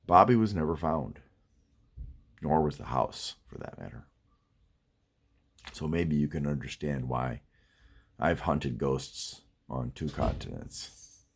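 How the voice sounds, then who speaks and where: Man narrating a creepy tale, hushed, pitch leaping around; spooky storyteller read. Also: expressive, slow, creaky, pauses often, slightly rough. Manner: hushed, swinging to frantic cries. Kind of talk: spoken horror story.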